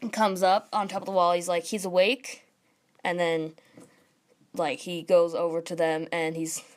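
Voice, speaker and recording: A young woman giving a casual, excited review with lots of fillers and rambling asides. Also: mid-range voice. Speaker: manga reviewer.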